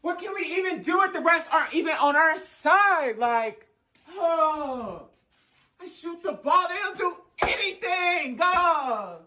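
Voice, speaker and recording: A performer putting on a whiny, high-voiced male basketball player who complains over the top. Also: huge pitch swings, unhurried, pauses often, bright, forceful tone, slight background noise, full character voice. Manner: shrill, exaggerated whining. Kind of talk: comedic impression.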